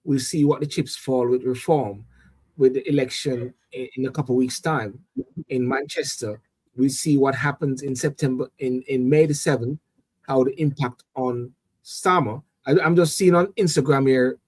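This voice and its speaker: A man, a reverend, hosting a casual political chat show, talking in an animated way and often repeating words as he starts a thought. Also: medium pitch, normal speed, husky.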